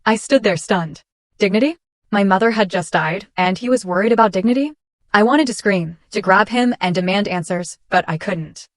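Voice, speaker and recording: A woman reading a first-person story as scripted narration, in a steady, measured way. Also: medium pitch, no room sound, studio quality.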